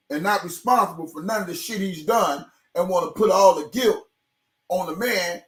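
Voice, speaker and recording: A man's voice: high-pitched, normal speed, a bit bright. A man giving a heated, profane opinion rant as a blogger, repeating himself and using slang. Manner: angry, profane, repeats phrases, AAVE slang. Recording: roomy echo, off-mic distance.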